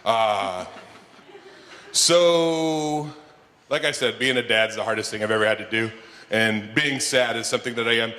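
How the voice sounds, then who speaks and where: Man doing stand-up in a reverberant hall. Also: unhurried. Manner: animated, jumps into high-pitched shouted bits when acting out scenes. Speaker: stand-up comedian and keynote speaker. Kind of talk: stand-up comedy storytelling. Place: conference hall before a live audience. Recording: long hall reverb, faint room noise.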